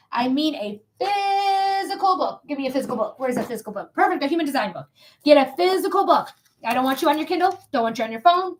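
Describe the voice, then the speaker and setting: A woman hosting a live psychic reading stream, giving chatty, emphatic advice with quick asides. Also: high-pitched. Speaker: psychic reader and livestream host.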